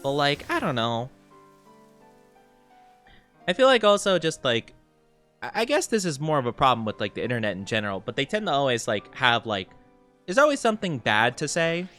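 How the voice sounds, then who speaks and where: Young man, VTuber streamer, rambling casual chat, lively up-and-down voice, soft game music behind. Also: mid-range voice. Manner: rambling, chatty, lots of fillers and quick laughs.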